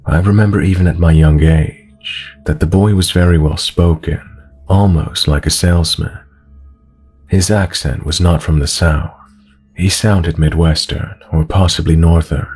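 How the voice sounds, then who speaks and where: Male horror narrator: very low, husky, slow and measured, soft music bed. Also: fairly even intonation. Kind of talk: scripted horror story narration. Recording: narration over background music.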